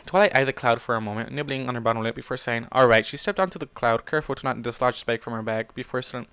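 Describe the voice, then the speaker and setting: A man's voice: mid-range voice, fast, fairly bright tone, clean tone, dry recording. A man reading fan fiction aloud in a casual way, stopping to react and swear at the story. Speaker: fanfic reader.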